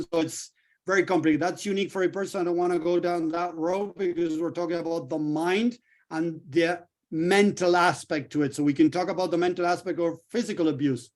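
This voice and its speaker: A middle-aged man coaching a group in a lively way, acting out little dialogues as he explains. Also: fairly high pitch. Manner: animated, acts out little dialogues. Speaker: healing coach.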